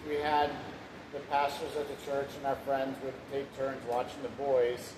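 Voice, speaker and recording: A man in his thirties shares his testimony as a husband, casually telling his life story in a rambling, plainspoken way with occasional swearing. His mid-range voice is level and at normal speed, recorded in a room at home that echoes, with background hiss.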